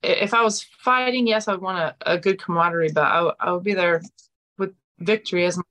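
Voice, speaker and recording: A blunt, plain-spoken woman in her forties, answering questions in a relaxed interview. Her voice sits fairly low for a woman and has a bright, firm edge. She talks in restarts and fillers. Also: quick pace. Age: 40s. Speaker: guest fighter. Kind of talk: casual interview chat.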